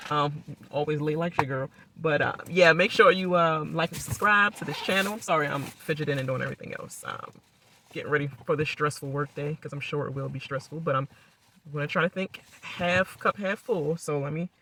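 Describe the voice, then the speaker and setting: A woman's voice: low-pitched, a little hiss or hum. A woman giving a casual, rambling reaction recap, blunt and salty, often laughing. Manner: rambling, animated, quick to laugh and mimic. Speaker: YouTube reality TV reactor.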